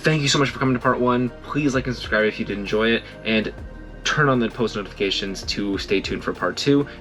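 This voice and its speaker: A young male vlogger tells a casual story in a lowish, fairly quick voice over soft background music. He rambles and corrects himself, animatedly acting out what other people said.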